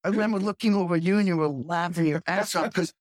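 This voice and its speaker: A man hosting a casual chat, an animated storyteller who acts out quotes. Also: high-pitched, quick pace, dry recording, clean studio sound. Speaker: podcast host, drummer.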